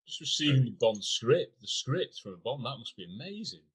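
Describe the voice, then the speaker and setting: A man's voice: medium pitch, very animated, brisk, husky. A man hosting an interview, asking eager follow-up questions. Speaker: podcast host.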